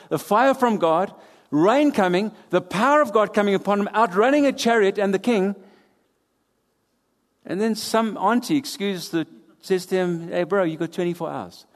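A man preaching a sermon, swinging between loud and hushed as he drives his points home. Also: high voice. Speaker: pastor. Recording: long hall reverb.

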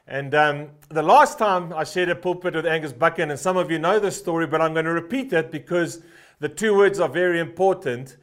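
A man's voice: a little high, brisk, fairly bright tone. A man preaching a sermon, telling stories with many "uh" fillers and hammering a short refrain again and again. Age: 50s. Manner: fervent, repeats a short refrain for emphasis; storytelling with frequent "uh" fillers. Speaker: pastor.

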